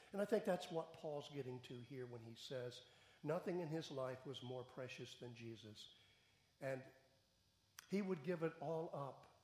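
A man preaches slowly and deliberately, his voice sitting a little high. He builds from quiet reflection to raised, emphatic questions. The sound rings with the echo of a church room. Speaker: pastor. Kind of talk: sermon. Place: church sanctuary.

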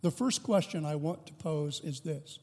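A man preaching a sermon as pastor, deliberate and measured, with joking asides to the congregation. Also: a little high, darkish tone, in a large hall. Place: church sanctuary.

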